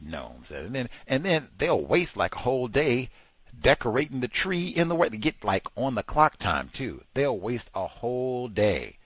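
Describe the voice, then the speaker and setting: A man hosting a talk radio show, talking in a sarcastic, exasperated and animated way. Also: mid-range voice, moderate pace, husky, no room sound. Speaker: radio host. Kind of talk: casual talk radio commentary.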